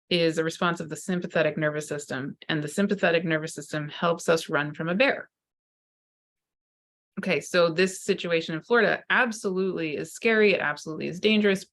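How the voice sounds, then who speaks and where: In a fairly low, fairly bright voice, a female psychotherapist and spiritual teacher addresses the camera in an unscripted spiritual talk. She sounds earnest and searching, often beginning her sentences again.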